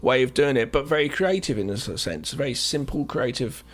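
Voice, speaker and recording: A man's voice: mid-range voice, a little fast. A man co-hosting a podcast, recapping a film in casual chat and acting out the characters' lines as he goes. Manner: animated, acts out characters' lines mid-recap. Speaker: podcast co-host.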